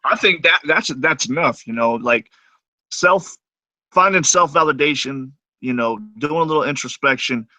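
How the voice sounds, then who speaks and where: A man's voice: on the high side, normal speed, sharp tone, no echo, rough recording. A man in casual stream talk, speaking in a reflective, laid-back way with casual swearing. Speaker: stream co-host. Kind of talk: casual chat.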